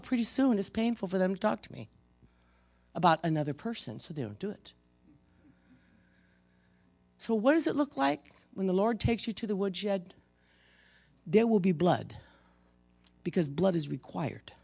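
A pastor preaching a sermon in church to the congregation, emphatic, swinging from loud rebukes to hushed intensity. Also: mid-range voice, very animated, normal speed, gravelly, long pauses. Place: church service before a congregation.

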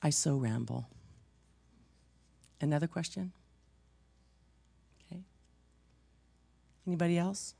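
Gravelly older woman preaching. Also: low voice, lively intonation, slow pace, pauses often, no room sound. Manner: rambling, repeats words, swings from hushed to emphatic. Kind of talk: sermon with personal stories.

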